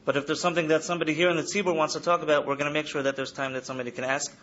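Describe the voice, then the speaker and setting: A man's voice: a little high, flat delivery, rapid-fire, a bit bright, muffled recording, a little hiss or hum. A man in his thirties who speaks to a hall of students about coping trauma, in an earnest lecture style that repeats its key phrases. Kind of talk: lecture to an audience. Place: study hall.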